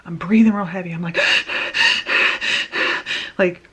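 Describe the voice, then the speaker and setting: A woman vlogger telling a personal story in a casual, animated way, with quick restarts as she goes. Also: medium pitch. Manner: animated, tumbling retelling with restarts.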